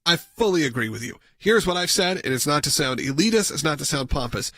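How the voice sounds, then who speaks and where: Casting: male call-in radio host, fairly high, bright voice, dry studio sound. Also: lively intonation, a little fast, dry recording. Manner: earnest, appreciative, takes calls.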